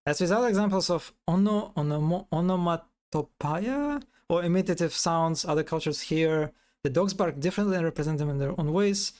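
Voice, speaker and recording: A man's voice: a little high, brisk, hardly any pauses, a little mellow. A man streaming live in casual commentary, amused, often restarting his sentences and imitating animal sounds.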